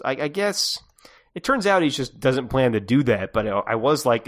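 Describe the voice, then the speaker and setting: A man's voice: a little high, fairly quick, fairly bright tone. A man co-hosting a podcast, chatting about a game with wry, sarcastic commentary. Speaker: podcast co-host. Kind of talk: casual chat about a game.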